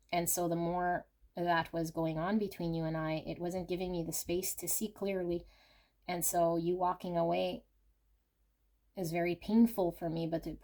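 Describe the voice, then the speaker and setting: Guarded wounded lover, earnest halting confession, low gravelly voice, a woman channeling it. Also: a little mellow, natural voice. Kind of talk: channeled first-person message.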